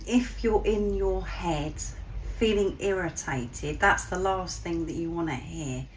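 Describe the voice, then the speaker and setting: A woman with a low, slightly husky and croaky voice gives an earnest channeled reading, pausing and circling back over her phrases. Her tone stays soft and sincere. A faint background hiss sits under the recording. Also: rough recording. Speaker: spiritual card reader.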